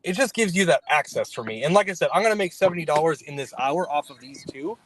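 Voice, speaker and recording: Male co-host, hesitant and explanatory, bright edgy tone, light noise behind. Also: a little high, animated, quick pace, low-quality recording. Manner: hesitant, restarts, explains his own work. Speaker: podcast co-host. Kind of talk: casual chat.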